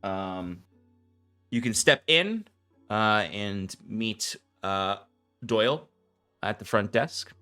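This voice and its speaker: A man with a fairly low voice runs a tabletop game, describing the scene in a loose, rambling way full of small hesitations. Faint music plays underneath. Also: expressive, very slow, pauses often, sharp tone, smooth. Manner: rambling, hesitant, laughs often. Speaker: game master.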